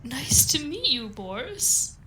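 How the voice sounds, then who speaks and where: A young woman with a high, very bright voice plays a tabletop game, excitable and quick to gush. She reacts eagerly and giggles often. There is a faint hum of room ambience behind her. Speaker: player. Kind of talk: playing a tabletop game in character.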